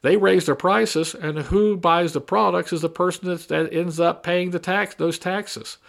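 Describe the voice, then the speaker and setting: Combative male political commentator, higher voice. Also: steady tone, unhurried, vocal fry, a bit bright. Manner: combative, repetitive, mocking. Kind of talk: opinion monologue.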